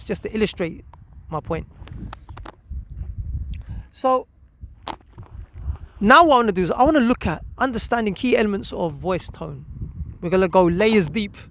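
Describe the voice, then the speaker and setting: A man with a high-pitched voice teaches a lesson, moving through his points in short, halting phrases. Faint background noise sits under the recording. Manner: talks in short phrases and repeats words when emphasizing. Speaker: parenting channel host. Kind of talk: spoken lesson.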